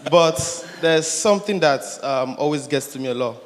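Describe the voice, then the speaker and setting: A man from the audience asks a question at a conference and tells his story in an animated way, with laughing asides. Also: a little high, slow pace. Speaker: audience member asking a question. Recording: hall with long reverb.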